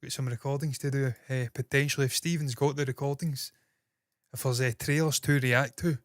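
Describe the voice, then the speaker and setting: A man's voice: medium pitch, steady tone, fairly quick, dry recording, clean studio sound. Rambling, swearing male stream host. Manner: rambling, profane and self-deprecating. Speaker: entertainment news host. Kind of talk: casual solo livestream commentary.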